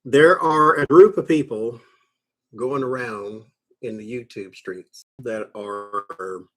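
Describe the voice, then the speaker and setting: A man reading tarot cards on a live stream, talking in a slow, conversational way with fussing asides. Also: mid-range voice, a bit bright. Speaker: tarot reader.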